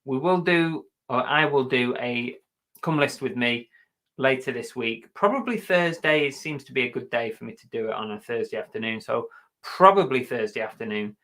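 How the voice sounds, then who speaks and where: A man's voice: medium pitch, normal speed, bright, forceful tone. A British man hosting a casual live stream, chatty and jokey, often poking fun at himself. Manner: chatty, jokey and self-mocking. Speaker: reseller live-streaming host.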